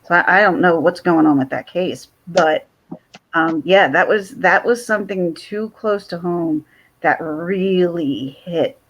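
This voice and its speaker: A woman talks as a guest in an earnest, halting way. Her voice sits fairly low and sounds husky. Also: poor audio. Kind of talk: casual chat.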